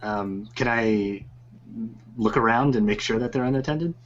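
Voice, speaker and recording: A man's voice: medium pitch, unhurried, lo-fi sound. A man playing in a tabletop game, chatting and joking with the group as he bargains. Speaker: player.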